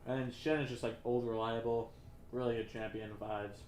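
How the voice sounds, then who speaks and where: A man's voice: medium pitch, moderate pace, echoey room, a little hiss or hum. Casual man casting an esports draft. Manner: relaxed, hesitant with many fillers. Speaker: esports caster.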